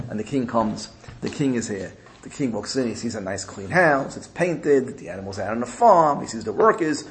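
A man's voice: mid-range voice, a little hiss or hum, low-quality recording. A man giving a sermon, retelling a parable in a storytelling manner with repetition and rising emphasis. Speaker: religious speaker.

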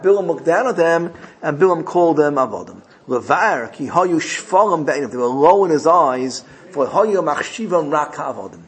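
This is a man giving a Torah class. His voice sits a touch high for a man. He reads each Hebrew verse, translates it line by line and stresses the key points. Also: expressive, normal speed, hardly any pauses. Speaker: Torah teacher.

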